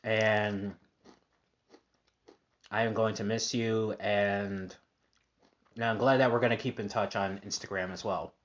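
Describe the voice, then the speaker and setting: A man talks through his week in a casual podcast monologue, upbeat and rambling, with plenty of fillers and restarts. His voice sits a bit low. The recording sounds dull and lo-fi. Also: level tone, unhurried, pauses often. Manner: upbeat, positive. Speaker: podcast host.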